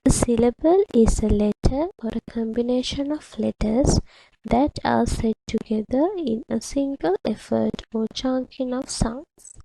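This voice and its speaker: A woman's voice: a little high, unhurried, creaky, dark tone, rough recording. A woman teaching a primary English lesson, patiently explaining to children and repeating words syllable by syllable. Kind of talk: slow, deliberate classroom instruction to children.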